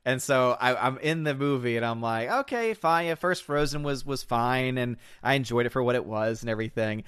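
A chatty man in middle pitch, rambling through a casual podcast conversation. He laughs often and acts out his own thoughts in quotes. The sound is dry and close. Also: fairly even intonation, brisk, fairly bright tone, clean tone, no echo. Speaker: podcast host reading chat. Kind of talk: casual chat.

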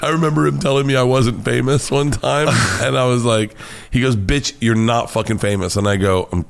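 A man from the United States, a comedian guest in an interview, telling stories in a loud, profane, animated way and laughing often. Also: mid-range voice, normal speed, creaky. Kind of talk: casual storytelling interview.

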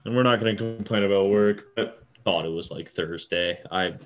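A tired man co-hosting a casual sports podcast, chatting with dry, deadpan humor. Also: on the low side, moderate pace, lo-fi sound. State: tired and yawning. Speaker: podcast co-host. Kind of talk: casual chat.

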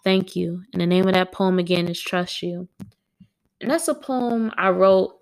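A woman poet at home, reading her own poems aloud and chatting to her listeners between them, a bit dramatic and quick to laugh at herself. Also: lowish voice. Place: at home with a dog on a wooden floor.

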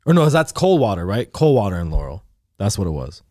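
Profane, animated young man telling stories. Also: on the low side, brisk, no room sound, clean studio sound. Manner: animated, profane, acts out quotes. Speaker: podcast co-host. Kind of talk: casual storytelling chat.

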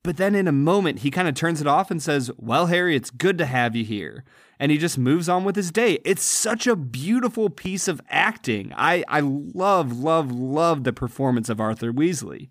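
A man's voice: a little high, expressive, moderate pace, few pauses, no echo, studio quality. A man co-hosting a podcast, earnestly discussing a film and its performances. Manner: earnest, admiring. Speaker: podcast co-host. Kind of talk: casual film review chat.

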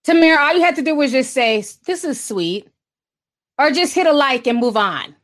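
A woman with a high voice runs a casual livestream, reading out viewer messages and trading gossip. She talks in a sassy, chatty way and mocks people by acting out their quotes. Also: lively intonation, fast talker. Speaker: livestream host reading super chats. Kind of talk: casual celebrity gossip commentary.

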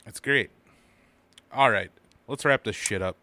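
A man's voice: fairly low pitch, unhurried, bright, forceful tone, dry recording. A man with an Upper Midwest American accent, co-hosting a casual podcast and telling crude, rambling stories full of swearing. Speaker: podcast co-host.

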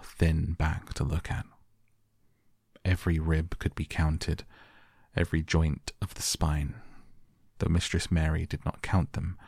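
A man narrating a classic novel as a soft bedtime audiobook, calm and measured. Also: low-pitched, creaky, breathy edge, no echo, clean studio sound.

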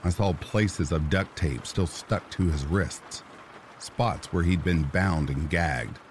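Slow, deep-voiced horror narrator. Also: male voice, a little hiss or hum. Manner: slow, somber storytelling. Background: rain sounds.

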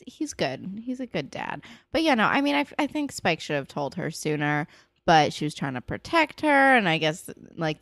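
A woman co-hosting a podcast, chatting casually as she recaps a TV episode, expressive and full of "like" fillers. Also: fairly low pitch, gravelly, no room sound, studio quality. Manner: expressive, swings between bright emphasis and soft asides; frequent "like" fillers. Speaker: podcast co-host.

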